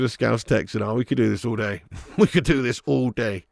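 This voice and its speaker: A man's voice: mid-range voice, normal speed, gravelly, no room sound, clean studio sound. A man hosting a live football watch-along, chatting casually, reading out viewer messages and laughing often. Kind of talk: casual live match commentary.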